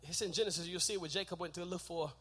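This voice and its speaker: High, bright-voiced preaching man. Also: fast, slightly rough. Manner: shouting, rhythmic preaching with asides to the congregation. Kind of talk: sermon.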